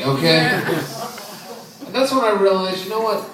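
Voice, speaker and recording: A man in his twenties performing an open mic stand-up set, deadpan and self-deprecating, chuckling at his own jokes. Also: high voice, normal speed, distant mic. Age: 20s. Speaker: stand-up comedian. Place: comedy club stage. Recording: echoey club heard from afar, crowd noise. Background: audience laughing.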